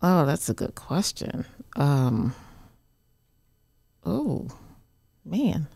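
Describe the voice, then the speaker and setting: A woman newspaper editor, a guest on a studio talk show, speaking in a measured, thoughtful way with many pauses. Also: low-pitched, very animated, creaky, mellow, slightly rough, no room sound. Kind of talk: casual studio chat.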